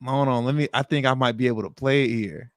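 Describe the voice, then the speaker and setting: A man's voice: medium pitch, quick pace, dry recording, clean studio sound. A man co-hosting a livestream, chatting loosely with fillers and laughs. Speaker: stream co-host. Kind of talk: casual livestream chat.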